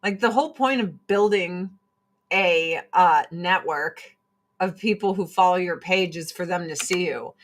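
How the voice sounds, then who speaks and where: A woman's voice: lowish voice, measured pace. A woman hosting a casual livestream, swearing freely and mimicking people in mocking voices as she rants and shows products. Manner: profane, animated, mocking voices in quotes. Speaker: livestream host selling products.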